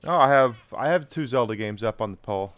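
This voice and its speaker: A man's voice: mid-range voice, expressive, a little fast, a bit bright, dry recording. A man streaming a video game, chatting casually and rambling to his viewers as he plays. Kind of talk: casual live-stream chat while playing.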